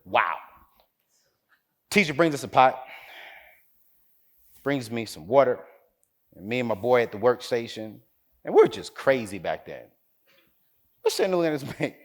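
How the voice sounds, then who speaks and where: A man's voice: medium pitch, big pitch swings, a little slow, pauses often. A man from North Carolina giving a motivational speech, telling a story with preacher-like crescendos. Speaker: keynote speaker.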